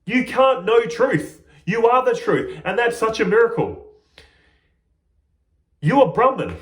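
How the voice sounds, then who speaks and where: A man's voice: extremely high pitch, big pitch swings, unhurried, fairly bright tone, reverberant. A man speaking as a spiritual teacher in a reflective monologue, playful and often laughing at himself.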